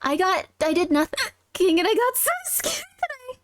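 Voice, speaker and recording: A woman's voice: very high voice, sing-song, normal speed, noisy background. A young woman livestreaming a game, chatting and giggling with her viewers. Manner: giggly, chatty, talks to chat. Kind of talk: casual live gameplay chat.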